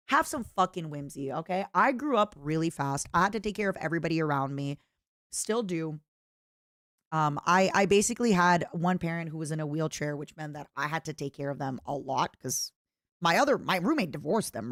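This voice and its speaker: A woman streamer chatting casually and reading fan letters, expressive and playful, swinging from excited squeals to soft murmurs, her throat a little strained. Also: sits low, a little fast, no room sound, clean studio sound.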